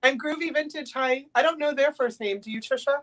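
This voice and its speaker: A woman from Maine, upbeat and quick to greet people during a live sale chat. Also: high-pitched, a bit bright. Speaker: guest seller. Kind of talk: casual chat on a live stream.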